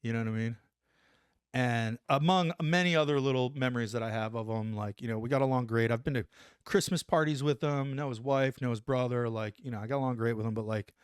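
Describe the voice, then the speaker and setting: A man and former Army Ranger telling a story in a casual interview, animated and profane, acting out the dialogue. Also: medium pitch, a little fast, clear, resonant tone, dry recording, studio quality.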